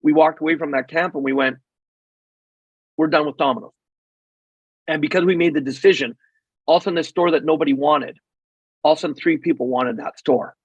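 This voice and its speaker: A middle-aged man with a slightly raised, husky voice tells a story as an interview guest. He is animated and acts out the dialogue. The sound is dull, lo-fi and dry. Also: on the high side, quick pace, no echo. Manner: animated, acts out quoted dialogue, frequent ums. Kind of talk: casual storytelling in a podcast interview.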